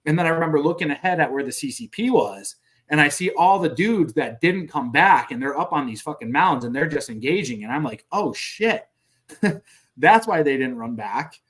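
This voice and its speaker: A man's voice: a little high, fairly quick. A male military veteran on a podcast, retelling combat in a casual, profane and vivid way. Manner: profane, vivid, animated retelling with sound effects. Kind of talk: casual war storytelling.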